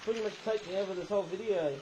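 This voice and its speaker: High-voiced rambling man saying "eh?". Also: steady tone, rapid-fire, background noise. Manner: rambling, ends phrases with a questioning "eh?"; often gropes for words aloud. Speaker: toy reviewer. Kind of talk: casual toy review vlog.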